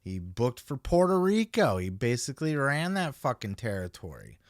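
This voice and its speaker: A man's voice: mid-range voice, wildly swooping pitch, normal speed, no echo, studio quality. A man hosting a podcast, giving blunt, profane, opinionated commentary into a podcast microphone. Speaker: podcast host.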